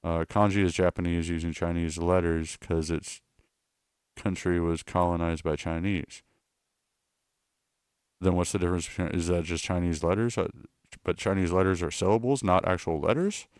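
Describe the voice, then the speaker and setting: A man's voice: deep voice, steady tone, normal speed, a little mellow, clean tone, no echo, clean studio sound. A man streaming live in a casual, rambling way, reading and answering chat with self-mocking asides.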